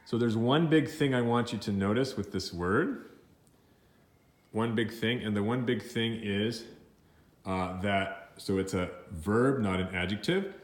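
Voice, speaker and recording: A man teaching English vocabulary in a recorded lesson, explaining slowly with many fillers and restarts, sometimes slipping into Spanish words. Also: lowish voice, roomy sound.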